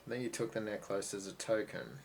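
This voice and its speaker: A man's voice: fairly low pitch, a little fast, gravelly, slight background noise, poor audio. A man reading out a grieving vengeful widow. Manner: plain read-aloud delivery of game text. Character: grieving young widow, woman, bitter and vengeful.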